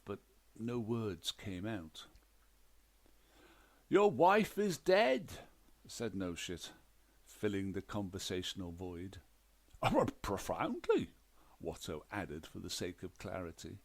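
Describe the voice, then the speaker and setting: Creaky, unhurried male narrator. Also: low-pitched. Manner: measured, dry storytelling. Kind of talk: scripted narration.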